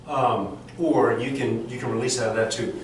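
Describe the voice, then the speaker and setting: A man's voice: mid-range voice, steady tone, normal speed. A man coaching a chorus rehearsal, often singing phrases to show how they should go. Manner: sings phrases to demonstrate, many restarts. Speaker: vocal coach. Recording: echoey room, mic far off, background noise.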